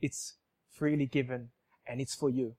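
A man giving an emotional church testimony, emphatic and repetitive, swinging from loud outbursts to soft, hushed lines. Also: medium pitch, steady tone, a little slow. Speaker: speaker giving a personal testimony.

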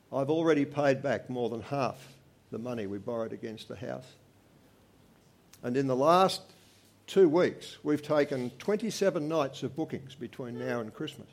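An older man, giving an earnest personal testimony to a church congregation, swinging from animated to quiet. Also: mid-range voice.

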